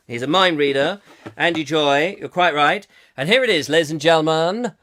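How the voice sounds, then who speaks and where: A man's voice: on the high side, moderate pace, pushed and bright. A man hosting a playful live-stream chat show, rambling and reading viewer comments aloud with sudden silly outbursts. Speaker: host.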